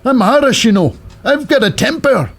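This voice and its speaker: A man putting on a mocking, high-pitched impression of a brash, hot-tempered woman wrestler. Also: big pitch swings, normal speed, heavily acted. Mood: boastful.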